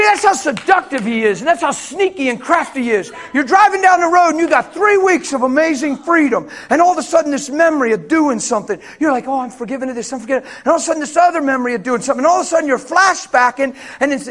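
High-voiced preaching pastor. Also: male voice, expressive, fast talker, hardly any pauses. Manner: dynamic preaching, swings from hushed to shouting. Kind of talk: sermon.

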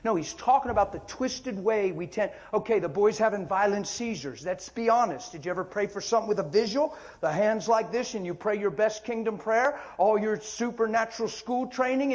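A man preaching an impassioned sermon, firing rhetorical questions, repeating phrases, and swinging from shouting to near whispers. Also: high-pitched, normal speed, few pauses.

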